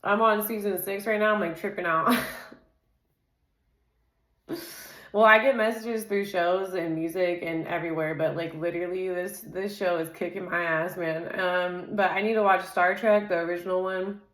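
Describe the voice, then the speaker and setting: A woman's voice: on the low side, fairly even intonation, fairly bright tone. Woman tarot reader, echoey room. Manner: rattles off card keywords in quick lists; laughs easily and chats off-topic. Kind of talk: casual tarot reading.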